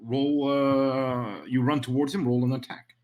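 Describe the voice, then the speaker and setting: A man running a tabletop game as game master, talking casually with many pauses and restarts. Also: mid-range voice, fairly even intonation, darkish tone. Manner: hesitant, many ums and restarts.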